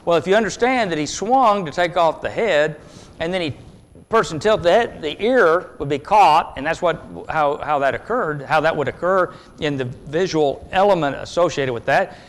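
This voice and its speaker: A man preaching a sermon in an earnest, emphatic way, swinging between loud stresses and hushed asides. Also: on the high side, lively intonation, moderate pace, big-room sound.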